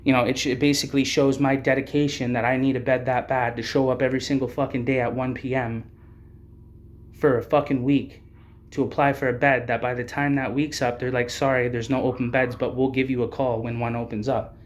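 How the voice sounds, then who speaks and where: A man's voice: medium pitch, level tone, a little fast, a little hiss or hum. Man ranting bluntly in a roomy space. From Canada. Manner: heavy swearing, blunt and agitated. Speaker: vlogger recounting homelessness. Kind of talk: angry personal testimony.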